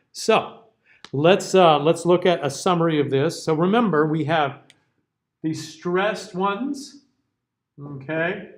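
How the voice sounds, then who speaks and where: Diction teacher with a higher man's voice. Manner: explanatory, checks in often with okay; sings example words out. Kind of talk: classroom lecture.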